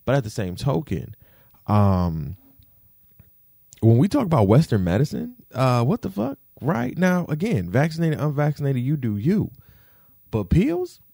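A man talking in a casual rant, animated, swearing freely and tossing in fillers like "you feel me". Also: mid-range voice, normal speed, vocal fry, breathy edge, dry recording, clean studio sound. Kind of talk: casual rant, podcast-style chat.

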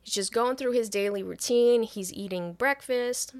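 A woman's voice: a little high, normal speed. A woman podcast co-host retelling a movie plot in casual chat, swearing freely and quoting characters as she goes. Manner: profane, animated recap with quoted voices.

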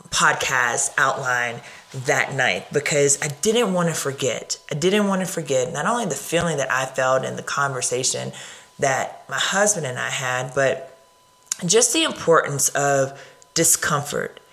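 Earnest american woman telling a story on her podcast, bit of fry in her voice. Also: rumbling low, fairly bright tone. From United States. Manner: earnest, reflective. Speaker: podcast host. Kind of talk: personal storytelling monologue.

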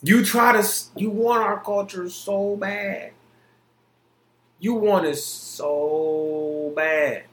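A young man hosts his own podcast in a heated, profane rant. His voice sits high and sounds bright and forceful. The recording carries a roomy echo. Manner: heated, profane, emphatic, repeats himself. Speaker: podcast host. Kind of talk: solo opinion podcast rant.

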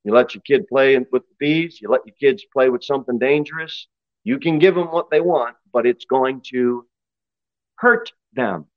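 Pastor guy preaching hard, dull dry recording, mid pitch. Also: moderate pace, dry recording. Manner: emphatic preaching, acts out story voices. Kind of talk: expository sermon. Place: church.

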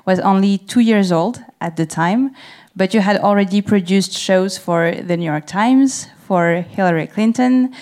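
A woman's voice: mid-range voice, darkish tone. A woman whose first language is French, interviewing a guest in English on a festival stage, friendly and laughing often.

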